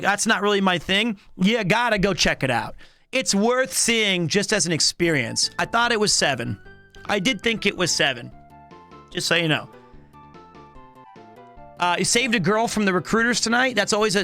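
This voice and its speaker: A man in his thirties chatting casually on a live stream, animated and rambling with lots of restarts. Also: high voice. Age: 30s.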